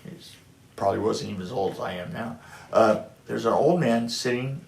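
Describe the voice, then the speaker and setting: In an echoey space, a man of middle age or older, a production designer, chats casually through his stories, acting out others' remarks and restarting frequently. His fairly low voice has vocal fry and a moderate pace.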